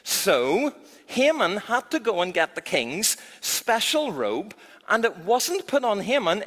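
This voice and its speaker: A man tells a Bible story to children in church with lively, animated delivery. His voice is bright and fairly high, with a long echo from a large hall. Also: slow pace. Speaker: children's talk leader.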